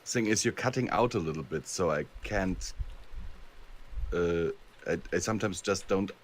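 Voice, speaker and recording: A man with a very deep, low voice answers questions on a casual voice call. He talks unhurriedly and explains things patiently. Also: normal speed, slight background noise. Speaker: voice actor guest. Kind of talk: casual interview over voice chat. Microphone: computer mic on a voice call.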